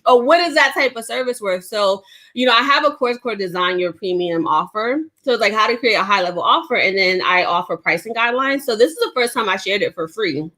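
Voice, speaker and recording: Bright-voiced, laughing woman from the Bronx. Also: medium pitch, lively intonation, brisk. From the Bronx, New York. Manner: laughs often, emphatic, says "right?" a lot. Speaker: guest business coach. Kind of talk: energetic online workshop chat.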